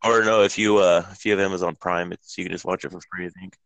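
A man's voice: low-pitched, fast talker, vocal fry, no room sound, low-quality recording. A man in casual podcast chat, retelling comedy scenes with a lot of swearing and acted-out quotes. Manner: profane, animated storytelling, acts out quotes.

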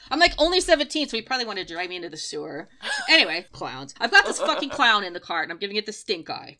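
A woman hosting a podcast, telling a personal story in a casual, profane, animated way with laughs. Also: fairly high pitch. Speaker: podcast host.

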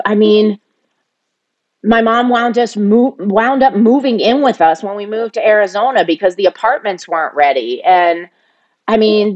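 A middle-aged woman with a lilt recounts her family's past in an easy, personal way. Her voice sits at an ordinary pitch and climbs sharply in the emotional moments. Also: highs cut off. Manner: emotional, rising sharply when quoting her younger self. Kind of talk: personal storytelling.

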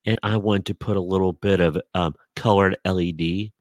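A man's voice: low voice, steady tone, moderate pace, darkish tone, no room sound, studio quality. A man co-hosting a casual talk show, laughing heartily and rambling in wordy asides. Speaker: co-host. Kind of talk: casual chat.

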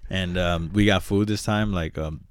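A man's voice: sits low, steady tone, normal speed, clear, resonant tone, no room sound, studio quality. A man co-hosting a podcast, chatting casually and telling rambling, profane stories. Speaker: podcast co-host. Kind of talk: casual chat.

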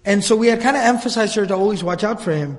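Guy teaching a story, kinda high voice, chatty, repeats himself a lot, big hall echo. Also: fast. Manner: animated, conversational retelling with repetitions. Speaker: religious teacher. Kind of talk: storytelling lecture.

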